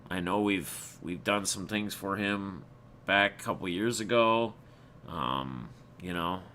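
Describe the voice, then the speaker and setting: A man's voice: low-pitched, slow, bright, forceful tone, slight background noise. A man hosting his own channel, telling viewers a personal story in a rambling, reflective way with many restarts. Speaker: channel host.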